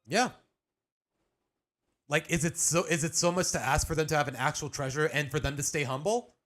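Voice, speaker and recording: A man's voice: a little high, moderate pace, fairly bright tone. A young adult man chatting casually on a live stream as he reacts to a video, rambling with restarts and slang.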